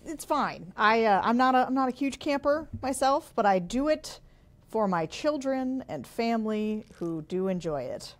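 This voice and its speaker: Dry, hesitant woman, higher voice. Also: expressive, normal speed. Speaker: podcast co-host. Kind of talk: casual political chat.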